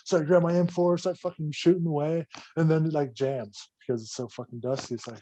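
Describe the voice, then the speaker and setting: A man, an army veteran guest on a podcast, telling war stories in a casual, profane, animated way. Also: on the high side, moderate pace, a little hiss or hum, rough recording. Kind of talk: casual storytelling.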